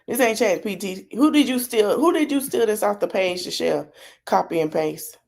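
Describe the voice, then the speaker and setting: A woman's voice: medium pitch, normal speed, gravelly, a little mellow. Sassy, blunt woman streamer. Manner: sassy, blunt and mocking, slangy. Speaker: podcast host reacting to a video. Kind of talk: livestream commentary.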